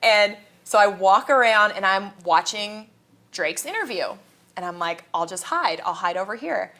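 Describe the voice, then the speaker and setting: A woman's voice: mid-range voice, expressive, moderate pace, bright, forceful tone. A woman from Kansas, a guest in a casual interview, telling stories animatedly, acting out quotes and laughing often.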